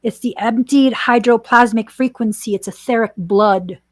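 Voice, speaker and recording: A woman hosting a spiritual podcast, speaking slowly and earnestly and repeating her warnings. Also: fairly high pitch, dry recording. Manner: slow, earnest and warning, with repetitions. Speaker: podcast host. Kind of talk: spiritual channeling chat.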